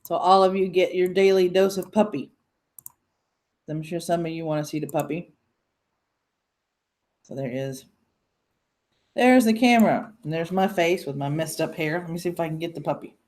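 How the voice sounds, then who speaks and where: A woman's voice: on the low side, normal speed, pauses often, a little mellow. A woman hosting a casual news commentary livestream from home, chatty and sarcastic, talking into her computer's webcam mic. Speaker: host.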